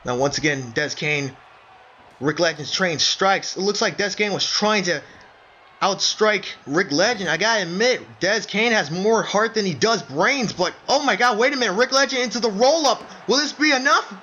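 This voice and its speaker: Excitable high-voiced wrestling commentator man. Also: moderate pace. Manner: excitable, keeps breaking into shouts of surprise; addresses listeners as folks. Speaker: play-by-play commentator. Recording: dull lo-fi recording with faint noise.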